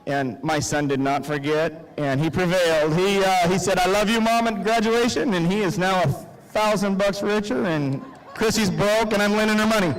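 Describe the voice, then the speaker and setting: A man's voice: high-pitched, normal speed, rough recording. A man being interviewed after winning a race, talking in a rambling, casual way with lots of fillers. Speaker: race winner.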